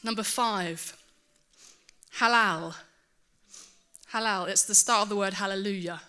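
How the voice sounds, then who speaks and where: A woman preaching a sermon to her church, earnest and animated, with self-mocking asides. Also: medium pitch, a little slow, clear, resonant tone.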